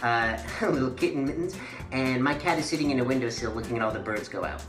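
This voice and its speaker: Speaking quickly and expressively in an extremely low voice, a woman guides kids through a playful mime and movement lesson with sing-song, encouraging directions. The recording is echoey, and faint music can be heard.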